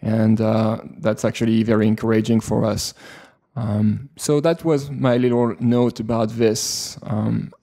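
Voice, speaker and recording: Mellow-voiced man with a French accent. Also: lowish voice, a little slow, creaky. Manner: relaxed, rambling with many fillers. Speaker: podcast co-host. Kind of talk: casual podcast chat.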